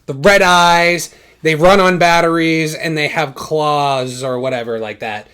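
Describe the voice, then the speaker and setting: A young man hosting a casual podcast chat, talking in an animated way and bursting into shouted impressions when he retells scenes. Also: a little high, unhurried, clear, resonant tone. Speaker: podcast host.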